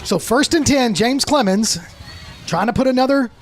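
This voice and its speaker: A man calling high school football play-by-play, brisk and steady, building up on big plays. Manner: brisk play calling, rises to shouting on scores. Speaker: play-by-play announcer.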